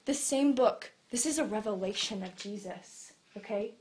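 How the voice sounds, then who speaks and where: A woman preaching a conversational sermon, acting out quoted voices with lively shifts. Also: medium pitch, moderate pace.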